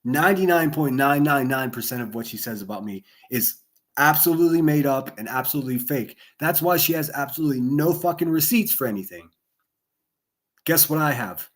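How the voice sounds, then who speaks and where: A man hosting a livestream, ranting angrily and profanely into a desk microphone, breaking into yelled bursts and sarcastic asides. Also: medium pitch, animated, normal speed. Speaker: livestream host. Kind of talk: angry livestream rant.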